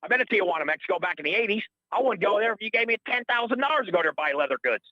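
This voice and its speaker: A man's voice: sits high, expressive, rapid-fire, dry recording, dull audio. A middle-aged man calling in to a radio show, ranting in a heated, rambling, indignant way and repeating himself. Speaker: caller. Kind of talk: heated call-in rant.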